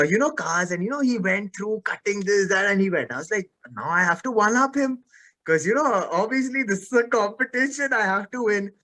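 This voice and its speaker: A young man, an actor being interviewed, telling lively anecdotes and acting out the voices in them. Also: sits high. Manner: animated storyteller who acts out the voices in his stories.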